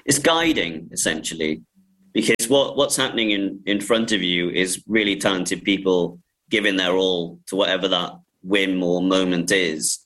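A film director talking casually in an interview, rambling with many restarts and frequent laughs. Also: male voice, sits low, moderate pace, fairly bright tone, rough recording.

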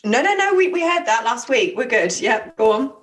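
A woman's voice: a little high, big pitch swings, normal speed, a bit bright, poor audio. A woman co-hosting a podcast, chatting casually in a forthright, playful way. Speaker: podcast co-host. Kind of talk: casual chat.

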